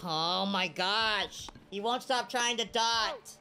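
A woman's voice: mid-range voice, slow, over music. A woman giving live video game commentary, cheering and groaning at every play. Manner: excitable, cheers and groans at plays. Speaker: gaming streamer.

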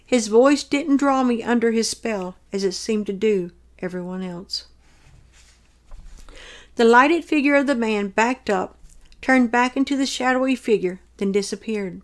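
A woman narrating her own religious dream as a testimony, reading in an earnest, measured way. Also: fairly high pitch.

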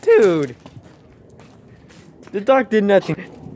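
Lively young man cooing at a dog. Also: a little high, normal speed, slight background noise. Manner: playful baby talk to a dog. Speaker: vlogger. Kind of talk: casual vlog chat.

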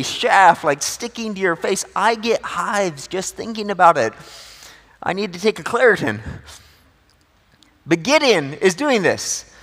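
A man's voice: high voice, pushed and bright. A male pastor preaching a sermon in a conversational, joking way, with a long church reverb. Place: church sanctuary.

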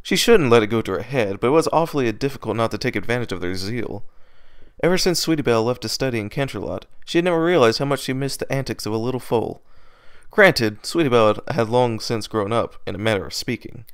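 A man narrates a story aloud in a steady reading voice, now and then stumbling and starting a word again. His tone is smooth and clean at a middle pitch. He sits close to the microphone in a dry, dead room. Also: fast talker, dry recording. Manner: steady reading with small slips and restarts. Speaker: fan fiction reader. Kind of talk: amateur read-aloud narration.

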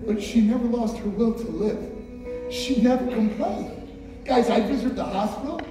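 Over music, a man with a very high-pitched voice speaks unhurriedly to a school assembly. He gives a motivational speech in a large hall with an audience, recounting his story emphatically and talking straight to listeners, captured from a distance in an echoey space.

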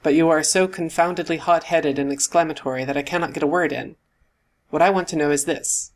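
A man voicing a calm, dry-witted middle-aged doctor who speaks in a measured way. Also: on the high side, close to an everyday voice. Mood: composed.

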